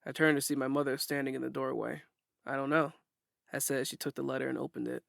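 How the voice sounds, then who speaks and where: A man's voice: mid-range voice, flat delivery, fast, vocal fry, a bit bright, no echo, clean studio sound. Man narrating a first-person audiobook.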